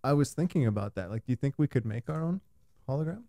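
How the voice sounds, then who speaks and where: A man's voice: medium pitch, lively intonation, quick pace, mellow, no echo. A man chatting casually with a friend while they build a project together, teasing him playfully. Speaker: co-host. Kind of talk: casual chat while doing a craft project.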